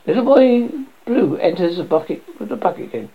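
A woman's voice: lowish voice, sing-song, fairly quick, creaky, few pauses. A woman reading a comedy play aloud, giving the stage directions plainly. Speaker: reader. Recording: dull lo-fi recording.

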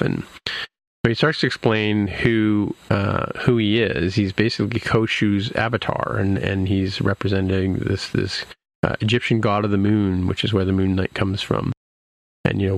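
Gravelly low-voiced man recapping casually. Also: flat delivery, unhurried, no room sound, low-quality recording. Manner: rambling retelling with many fillers and restarts.

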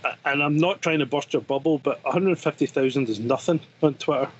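A man chatting on a podcast, joking and telling stories with playful voices. His voice sits fairly high. A faint hiss of noise runs behind him. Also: a little fast, muffled recording. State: coughing. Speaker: podcast co-host. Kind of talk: casual chat.

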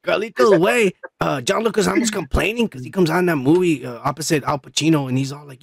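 A tipsy podcast host with a high, gravelly voice rambles crudely through casual banter and swears freely. The sound is dry and close, with no room ring. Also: male voice, quick pace, hardly any pauses, dry recording.

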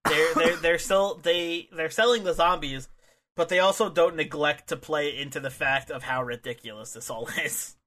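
A man's voice: on the high side, normal speed, sharp tone. A man co-hosting a casual chat, rambling with restarts and acting out funny quotes. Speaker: podcast co-host.

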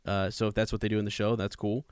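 A man's voice: lowish voice, little pitch movement, fast, clean tone, no room sound, clean studio sound. A man in casual conversation about a book, talking in a rambling way with many restarts and emphatic asides. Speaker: podcast co-host discussing a book. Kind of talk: casual chat with read-aloud passages.

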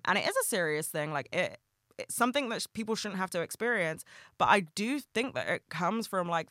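A young adult host talking casually and heartfelt on a solo podcast, rambling with lots of "like" and swearing, bursting into excitement. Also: medium pitch, clean tone, no echo, clean studio sound.

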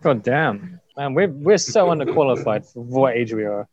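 A man's voice: medium pitch, animated, moderate pace, a little mellow, lo-fi sound. A man ribbing his friends with sarcastic quips in casual group chat.

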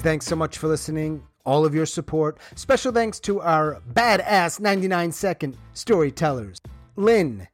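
Upbeat woman podcast host, music behind. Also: sits low. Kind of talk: podcast outro.

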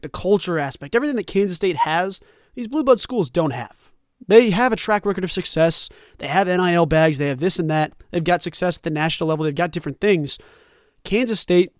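A man's voice: on the high side, no echo, studio quality. A young man hosting a sports talk show, rambling through casual commentary with lots of asides. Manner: animated, rambling, conversational with many asides. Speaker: sports podcast host.

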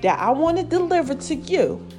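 A woman's voice: high voice, very animated, normal speed, a little mellow, soft background music. A woman hosting her own podcast, talking to listeners in an affectionate, preachy way while slightly out of breath. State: slightly out of breath, swollen throat. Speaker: podcast host. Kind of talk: casual motivational monologue.

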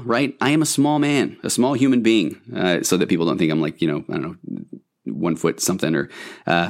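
A man working as a therapist, explaining a therapy model on a podcast in an enthusiastic, conversational teaching way with self-deprecating humor. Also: lowish voice.

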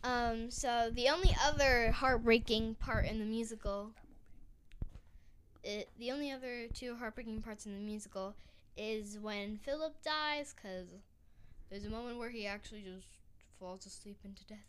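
Higher-voiced woman, emotional and excitable. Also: moderate pace, a little hiss or hum. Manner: emotional, excitable, stumbles over words. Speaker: podcast co-host. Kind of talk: casual chat about a musical. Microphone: desk microphone.

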